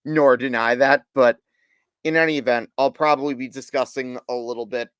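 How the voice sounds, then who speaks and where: A man's voice: medium pitch, fairly even intonation, normal speed, fairly bright tone, clean tone, no room sound. A man co-hosting a sports podcast, chatting casually with dry, sarcastic asides. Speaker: podcast co-host.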